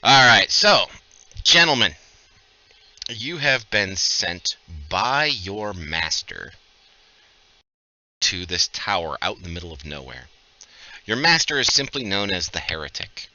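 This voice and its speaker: A man running a tabletop game as game master, lively and joking as he introduces players and narrates. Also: sits low, measured pace, muffled recording.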